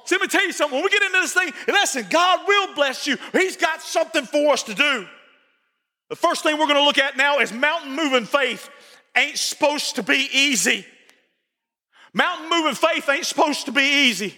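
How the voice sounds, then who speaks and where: A male pastor preaching a sermon, folksy and repetitive, building to shouts. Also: extremely high pitch, lively intonation, moderate pace, big-room sound. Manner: folksy, repeats phrases, rises to shouting. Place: church sanctuary.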